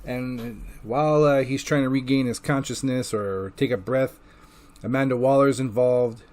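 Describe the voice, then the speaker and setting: A man's voice: mid-range voice, fairly even intonation, normal speed, a little mellow. A man giving a loose, casual recap of comic books he has read, full of filler words and swearing. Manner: loose and profane, with filler words and acted-out quotes. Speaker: comic book reviewer.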